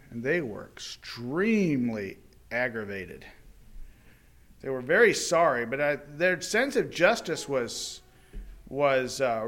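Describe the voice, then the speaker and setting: A male preacher giving a sermon, retelling a parable in animated, dramatic storytelling. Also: medium pitch.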